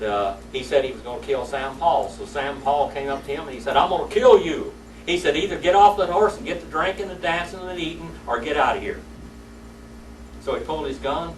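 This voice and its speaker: A man leads a church Sunday School class, sharing folksy stories and quizzing his students. His voice is medium-pitched and a bit bright, picked up by a distant mic in an echoey room with slight background noise.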